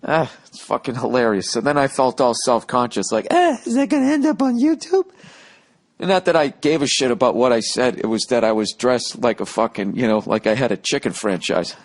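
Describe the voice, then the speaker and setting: A man's voice: medium pitch, fairly quick, hardly any pauses. A man hosting a podcast, telling a profane comic story in a ranting, sarcastic way and acting out arguments. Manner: ranting, sarcastic, heavy swearing, acts out both sides of arguments. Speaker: podcast host.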